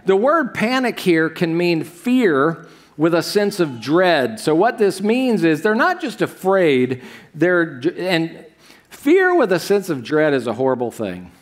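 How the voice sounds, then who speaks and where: A man's voice: fairly high pitch, big pitch swings, takes it slowly. A man preaching a sermon from a church stage, talking conversationally with the congregation, full of asides and questions to them. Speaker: pastor.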